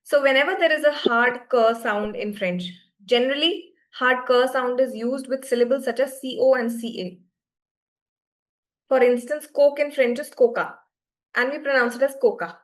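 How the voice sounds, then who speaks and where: A woman's voice: high-pitched, fairly even intonation, moderate pace. A woman teaching French to beginners in an online class, explaining patiently and often checking that students follow.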